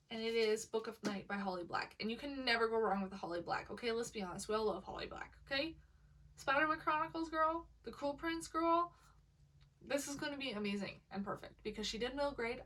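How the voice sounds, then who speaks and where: A woman chatting to camera as a book vlogger, gushing and excitable, talking in a loose way with lots of fillers. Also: a little high, recorded from a distance, rough recording. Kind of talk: casual chat to camera.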